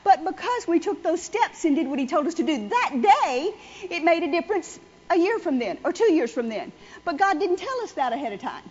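A woman's voice: very high voice, big pitch swings, brisk, darkish tone, lo-fi sound. A woman preaching a conversational sermon to a congregation, repeating phrases for emphasis. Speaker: church speaker.

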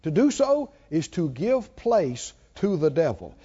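Animated preacher hollering and hushing. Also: male voice, on the high side, unhurried, slightly rough, muffled recording. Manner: swings from hushed to hollering, acts out the devil's whisper. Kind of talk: sermon.

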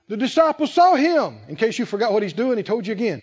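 A male preacher giving a sermon to a congregation, animated and playful, often laughing and acting out scenes. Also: very high-pitched, fast, hardly any pauses, highs cut off. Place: church service with congregation.

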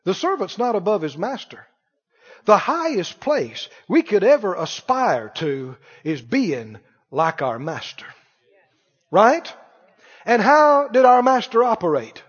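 Male preacher, high and very animated delivery, emphatic, quizzes the congregation. Muffled hall recording. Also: slow pace, breathy edge. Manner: emphatic, questions the congregation, quotes scripture. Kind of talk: sermon.

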